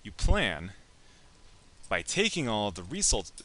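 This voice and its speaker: A young man teaches a relaxed class lesson, slipping into little acted-out voices and playful asides. His voice is bright and forceful, set a touch on the low side, and he keeps it conversational. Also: slow pace. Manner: playful, joking asides, acts out imagined speakers. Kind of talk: casual classroom lecture.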